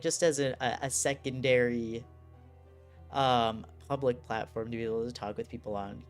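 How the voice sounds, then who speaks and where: A chatty game streamer talks loosely with viewers, trailing off and restarting thoughts. The voice sits at a middling pitch with faint music playing quietly underneath. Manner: rambling, self-interrupting, laughs often. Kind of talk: casual live-stream chat while playing.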